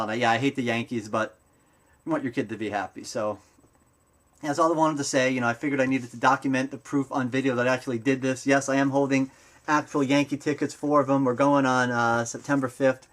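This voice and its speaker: A man's voice: mid-range voice, fairly bright tone. A man, a father, telling a family story to his camera in a casual vlog, rambling with lots of fillers and restarts. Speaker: father and vlogger.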